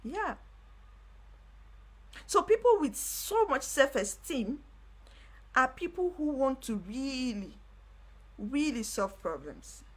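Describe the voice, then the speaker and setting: A young woman hosting a live stream, telling a personal story in casual talk with animated delivery and repeated phrases. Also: high voice, takes it slowly, pauses often, breathy edge. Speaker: livestream host.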